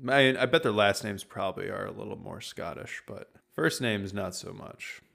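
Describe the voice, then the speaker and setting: A man presenting a topic on a casual podcast, relaxed and rambling with lots of fillers. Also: fairly low pitch, moderate pace, vocal fry. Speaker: podcast co-host presenting a whisky distillery.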